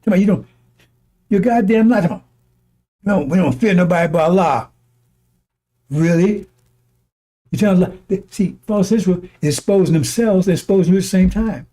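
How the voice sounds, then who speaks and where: High-voiced man preaching with mocking scorn. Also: moderate pace, long pauses, warm tone. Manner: mocking, scornful, breaks into laughter, repeats phrases. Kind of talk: impassioned religious broadcast sermon.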